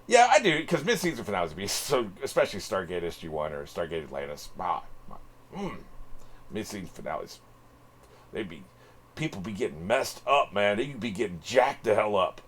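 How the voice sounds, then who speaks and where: A lower-pitched man hosting his own podcast, his voice swinging up and down with lively energy. He rambles casually, restarts his sentences and curses freely. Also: brisk, slight background noise. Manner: rambling, animated, swearing freely. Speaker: podcast host. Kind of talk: casual solo podcast talk.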